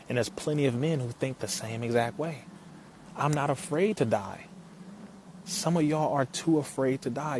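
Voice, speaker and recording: A man giving an impassioned talk to an audience, preacherly and forceful, firing rhetorical questions and rising to emphatic peaks. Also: mid-range voice, a little hiss or hum. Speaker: speaker addressing an audience.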